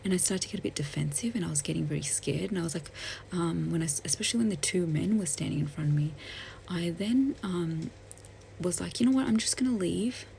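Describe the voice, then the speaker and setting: A woman telling a story while doing her makeup, soft-spoken and hesitant, with many fillers and restarts. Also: lowish voice, a little fast, vocal fry, slight background noise, low-quality recording. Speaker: beauty vlogger. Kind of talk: get-ready-with-me storytelling.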